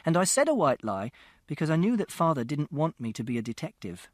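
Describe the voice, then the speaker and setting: A man's voice: on the high side, very animated, fairly quick, no echo, studio quality. A man narrating a first-person audiobook in a literal, precise, matter-of-fact way.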